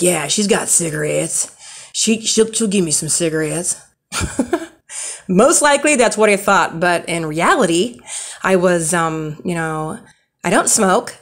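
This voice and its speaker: Rambling young woman telling stories. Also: fairly low pitch. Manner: rambling, many fillers and restarts. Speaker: storyteller. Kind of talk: casual true-story vlog.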